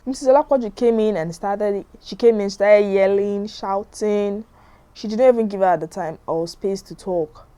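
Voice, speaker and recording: A woman's voice: mid-range voice, moderate pace, mellow. A young woman, narrating a drama story in a chatty way and commenting on it as she goes.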